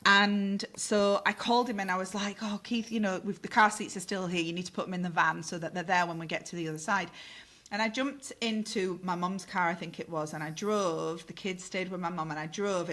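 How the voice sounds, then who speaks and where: A middle-aged woman tells a story on a podcast in a fairly low voice. She talks in a lively, unguarded way and swears freely. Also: moderate pace. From north of England. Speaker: podcast guest. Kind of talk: casual storytelling.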